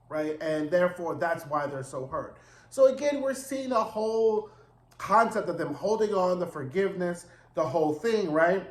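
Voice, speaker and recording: Man, high voice, casual recap host, dramatic chatty delivery, roomy echo. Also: a bit bright. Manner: chatty, dramatic retelling with frequent "right?" and swearing.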